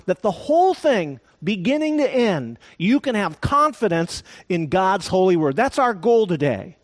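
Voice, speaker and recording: A male pastor preaching a sermon, telling an animated story with joking asides. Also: on the high side.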